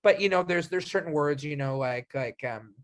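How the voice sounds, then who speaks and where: In his interview, a young Canadian actor talks in a casual, animated way, constantly restarting and using fillers. His voice is on the high side, and he speaks at a normal speed.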